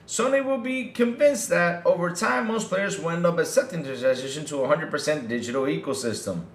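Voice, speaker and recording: A man's voice: fairly high pitch, fairly quick, echoey room, slight background noise. A man hosting a gaming podcast, reading news aloud and reacting with mocking, profane commentary while talking to his chat. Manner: animated, mocking, swears, addresses chat. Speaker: podcast host.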